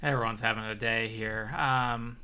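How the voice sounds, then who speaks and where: A podcast co-host who recaps TV scenes in chatty, halting talk full of fillers and small laughs. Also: mid-range voice, level tone, pushed and bright, smooth. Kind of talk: casual chat recapping a TV episode.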